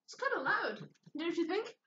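A woman's voice: extremely high pitch, lively intonation, normal speed, fairly bright tone. A woman vlogger chatting casually with teasing, rambling asides while crafting. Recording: echoey, distant, dull, noisy room.

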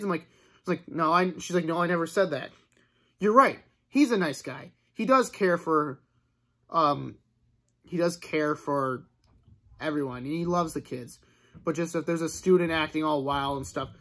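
A man's voice: on the high side, expressive, normal speed, fairly bright tone. Young adult male vlogger, rambling storyteller, loose filler-heavy delivery. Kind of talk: casual storytelling monologue.

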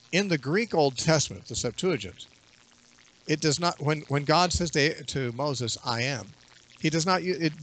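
A man in a radio interview, a bible teacher explaining scripture in a measured way and quoting verses at length. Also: medium pitch, fairly bright tone.

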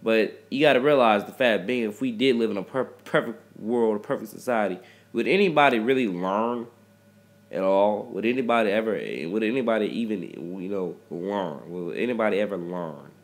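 A man's voice: lowish voice, moderate pace. A man giving rambling advice on love and friendship to his viewers, repeating himself and restarting often in a preachy way. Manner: addresses listeners as ladies and gentlemen. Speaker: rapper talking to viewers.

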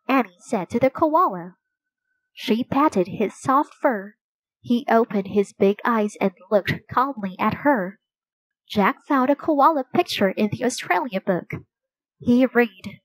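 A woman reading a children's story aloud, clear and gentle, at a slow pace. Her voice sits fairly high. The sound is dry and close. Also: animated, no echo, rough recording. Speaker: storybook reader.

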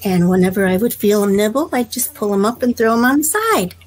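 A woman voicing a sly, clever male fox in a children's folk tale, lifting her voice high. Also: expressive, brisk, lightly acted, low-quality recording. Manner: sly, bright and teasing.

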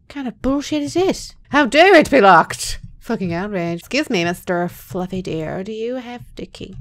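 A woman's voice: on the high side, animated, normal speed, hardly any pauses, fairly bright tone. A woman giving foul-mouthed, joking commentary while playing a horror game. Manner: profane, jumpy and joking. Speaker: let's play gamer.

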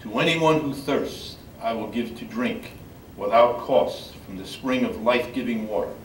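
Older priest, echoey and distant. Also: male voice, mid-range voice. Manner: measured solemn reading, halting when speaking freely. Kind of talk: reading scripture at a memorial service. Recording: echoey room from far off, faint background noise.

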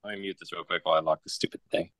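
A man's voice: sits low, fairly even intonation, racing, a bit bright, no echo, rough recording. A man working as a wedding DJ, telling a rambling, exasperated story on a casual round-table show, acting out both sides of each conversation.

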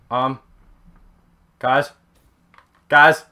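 A young man commenting over his own gameplay, excitable and often yelping and exclaiming. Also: mid-range voice, moderate pace, long pauses. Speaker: gaming channel host.

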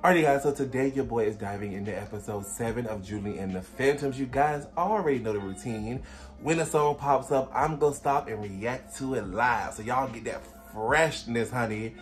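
A man hosting a casual reaction video, talking in an excitable, gushing, slangy way. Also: medium pitch, moderate pace, soft background music. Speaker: reaction channel host.

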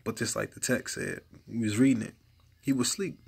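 A man's voice: on the low side, brisk, gravelly, darkish tone, husky. A man preaching informally to camera in an earnest, exhorting way, repeating his points for emphasis. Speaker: lay preacher.

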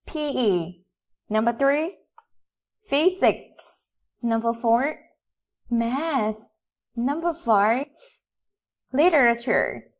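A woman with a Vietnamese accent, a native Vietnamese speaker teaching an English lesson to children in a slow, deliberate, instructive way. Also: fairly high pitch.

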